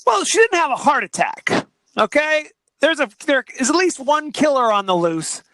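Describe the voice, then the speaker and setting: A man co-hosting a podcast, recapping a movie plot in a joking, animated way. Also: very high voice, normal speed, no echo. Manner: animated, jokey, recaps the plot with quoted asides. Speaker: podcast co-host. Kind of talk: casual movie-review chat.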